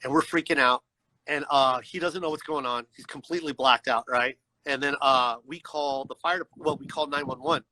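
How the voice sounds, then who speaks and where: A man telling a personal story as a guest on a livestreamed video call, animated and acting out the people in it, often checking in with "you know what I mean.". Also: mid-range voice, moderate pace, no room sound, poor audio. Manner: animated, acts out voices in his story.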